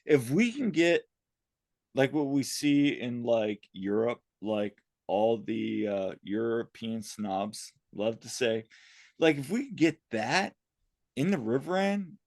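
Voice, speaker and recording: A man co-hosting a podcast, telling rambling, excitable stories in casual chat. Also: medium pitch, slow, dry recording. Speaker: podcast co-host.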